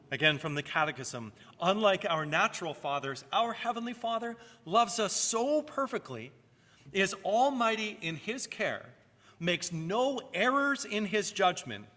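A man's voice: on the high side, pushed and bright. Earnest preaching man in a reverberant hall. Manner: earnest, rising and falling emphasis, repeats words at times. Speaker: pastor. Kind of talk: sermon.

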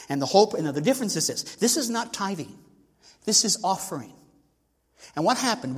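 A man's voice: a little high, slightly rough. An older man preaching a folksy sermon on giving, calling on people in the pews by name. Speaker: visiting bishop's envoy preaching on tithing. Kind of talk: sermon with audience participation. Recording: long church reverb.

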